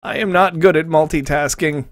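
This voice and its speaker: A man's voice: on the high side, steady tone, normal speed, no echo. A man hosting a livestream, chatting casually and jokingly with viewers while playing a game, rambling and easily distracted. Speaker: livestream host.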